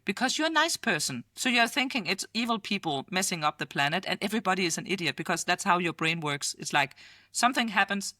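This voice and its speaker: A middle-aged woman with a Danish accent, a futurist guest in a casual interview, talking lively, laughing often and acting out quoted voices. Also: on the low side, quick pace, dry recording, clean studio sound. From Denmark.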